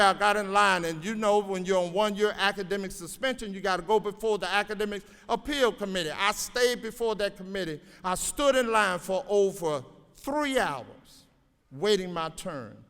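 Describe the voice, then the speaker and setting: High-voiced older man telling stories in a hall. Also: a bit bright, clear, resonant tone. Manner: folksy storytelling, exhorting the crowd. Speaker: graduation speaker and educator. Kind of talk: motivational graduation speech. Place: large auditorium. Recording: reverberant hall.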